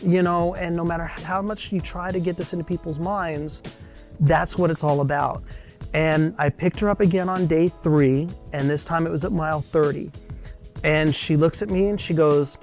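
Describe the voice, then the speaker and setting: A man's voice: on the high side, brisk, faint music behind. A man casually telling an anecdote about his time as a roadie on a charity bike ride, acting out the people he quotes. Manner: animated storytelling, quoting others.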